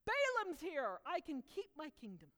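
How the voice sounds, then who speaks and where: A woman's voice: sits high, wildly swooping pitch, a little slow, a bit bright, heavily acted. A woman voicing a scheming king who eagerly gives orders, with long hall reverb.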